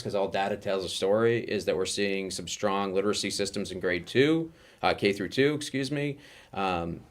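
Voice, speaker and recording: A man, a school administrator, presenting data at a board meeting, talking quickly with many ums and restarts. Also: lowish voice. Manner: rushed, heavy with fillers and restarts.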